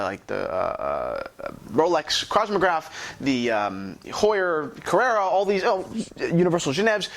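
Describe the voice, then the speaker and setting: A man hosts a casual vlog and answers viewer questions, his voice sitting fairly high. His talk is loose, full of fillers and restarts, with some swearing. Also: a bit bright. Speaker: host.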